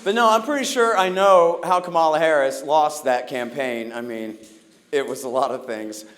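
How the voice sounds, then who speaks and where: With a slightly high, fairly bright voice at a normal pace, a man does stand-up in front of a live crowd. His sardonic storytelling comes alive as he acts out the people involved.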